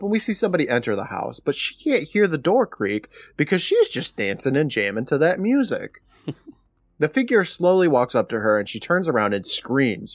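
A man co-hosting a podcast, recapping an episode in an animated, casual way with quick laughs. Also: medium pitch, no room sound, clean studio sound. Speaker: podcast co-host.

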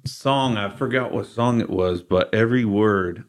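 A middle-aged man with a low, gravelly voice tells his story candidly as a studio guest. His delivery is casual and conversational, and it grows animated when he voices his own past thoughts. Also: a little slow. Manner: candid, animated in quoted asides. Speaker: guest, rock guitarist.

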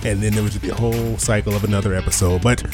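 A man's voice: on the low side, steady tone, racing, over music. A man hosting a podcast in casual chat, laid-back and teasing, laughing often. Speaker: podcast host.

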